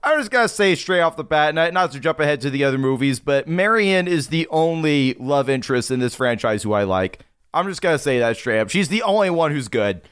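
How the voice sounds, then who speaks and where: Smooth-voiced chatty man. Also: on the high side, lively intonation, fairly quick, a bit bright. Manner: chatty, laughs often, lots of fillers. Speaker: podcast co-host. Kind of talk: casual film discussion.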